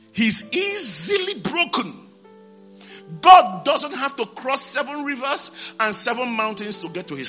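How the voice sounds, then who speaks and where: A man's voice: high-pitched, sharp tone. A man preaching a sermon, repeating key words and calling out to his congregation for responses.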